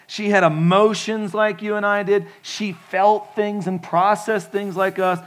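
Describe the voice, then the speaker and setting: A man's voice: high-pitched, flat delivery, unhurried, few pauses, a bit bright. A man preaching a sermon as pastor, in a casual, conversational way with frequent asides to the congregation.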